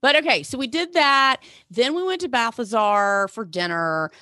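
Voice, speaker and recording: A woman co-hosting a podcast in casual chat, playful and quick to laugh. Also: a little high, sharp tone. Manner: chatty, laughs easily, playful. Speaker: podcast co-host.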